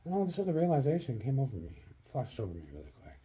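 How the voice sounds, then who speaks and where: A man from Wisconsin earnestly telling a personal story in a vlog, acting out the dialogue with sharp jumps up in pitch. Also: very animated, very fast, breathy edge, highs cut off. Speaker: vlogger.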